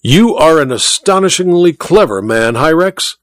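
A man's voice: a little high, lively intonation, normal speed, no echo, pitched above the performer's own voice, natural voice. A sardonic, imperious old duke, as a man reads him aloud, lifting his voice above the narration and swinging it widely as he commands. The delivery is haughty and theatrical, recorded close and dry. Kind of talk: audiobook reading.

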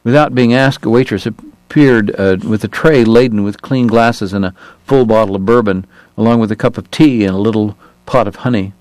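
A man reading a novel aloud in steady, measured narration. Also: on the low side, no room sound, poor audio. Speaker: audiobook narrator. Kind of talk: scripted narration.

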